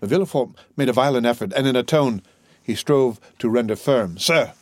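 A man narrating a classic novel as an audiobook reader, with a steady, even reading. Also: mid-range voice, a little fast, no echo, studio quality. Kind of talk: scripted narration.

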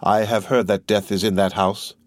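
A man voicing an elderly priest in a read-aloud story, speaking in a grave, measured, courteous way. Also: on the low side, flat delivery, no echo, natural voice. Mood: solemn. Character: elderly Italian priest, calm and devout.

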